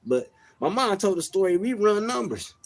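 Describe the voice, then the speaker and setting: Soft-spoken man, high-pitched. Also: normal speed. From Detroit. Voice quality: soft, even-toned. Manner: slangy, reflective, frequent filler phrases. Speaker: livestream host. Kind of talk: casual livestream monologue.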